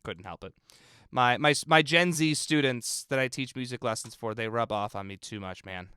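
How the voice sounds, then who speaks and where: A man's voice: mid-range voice, normal speed, bright, forceful tone, smooth, dry recording, clean studio sound. A man, a film composer, chatting casually and thinking aloud as he mixes game music on a live stream and answers viewers in chat.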